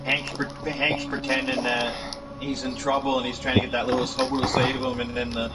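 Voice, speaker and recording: A man's voice: medium pitch, level tone, a little fast, far from the mic, heavy background noise. A man hosting a podcast in casual chat, rambling with many restarts and fillers. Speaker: podcast host. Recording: loud music playing over the talk.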